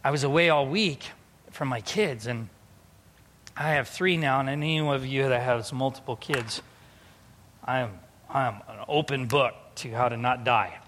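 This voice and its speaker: A man in his thirties preaching a sermon, telling personal stories and moving between quiet reflective passages and loud, emphatic calls to his listeners. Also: medium pitch, moderate pace, slight background noise. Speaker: pastor. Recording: long hall reverb.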